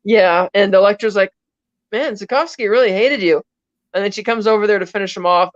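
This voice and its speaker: Woman co-host, animated retelling. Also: medium pitch, dry recording, muffled recording. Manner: animated storytelling, briefly acting out characters' lines. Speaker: podcast co-host. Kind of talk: casual chat retelling a film scene.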